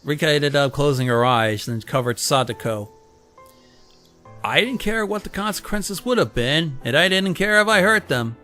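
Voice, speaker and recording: Bright-voiced man reading a game aloud. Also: on the high side, lively intonation, moderate pace, soft background music. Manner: casual, profane, reacts mid-read. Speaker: let's play host reading a visual novel.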